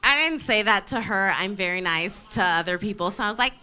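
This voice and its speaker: A woman's voice: medium pitch, lively intonation, fairly quick, sharp tone. A woman telling a comic story about herself, rambling, laughing often and swearing casually.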